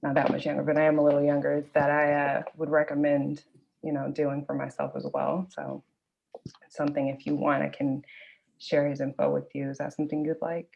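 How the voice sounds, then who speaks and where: A woman with a very low, gravelly voice making an earnest practice pitch. She hesitates often, leaning on ums, and faint noise sits behind her. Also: completely flat delivery, fairly quick, muffled recording. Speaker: networking group member. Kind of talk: practice referral call role-play.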